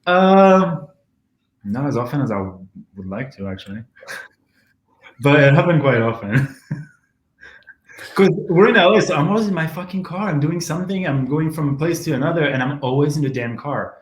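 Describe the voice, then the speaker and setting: In a fairly high, expressive voice at a moderate pace with long pauses, a roughly 30-year-old French man with a French accent is interviewed casually in his home kitchen. He's candid, joking and laughing a lot. The recording sounds roomy, with slight background noise.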